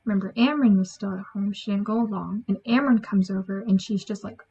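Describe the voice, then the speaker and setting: A woman giving a chatty, animated book review, acting out lines from the story. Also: mid-range voice, moderate pace. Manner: chatty, animated, acts out quotes. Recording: dull lo-fi sound.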